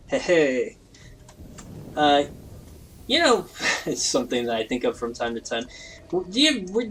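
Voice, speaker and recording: A man's voice: mid-range voice, slight background noise, rough recording. A man giving rambling, self-deprecating, jokey commentary while playing a game. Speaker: let's play host. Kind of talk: casual gameplay commentary.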